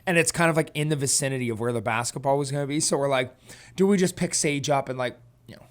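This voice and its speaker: A man co-hosting a casual podcast tells a chaotic family story. His pitch sits in the middle, and he jumps around a lot as he acts out other people and laughs. The delivery stays loose and conversational. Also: quick pace. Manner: animated storyteller who acts out voices and laughs often. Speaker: podcast co-host.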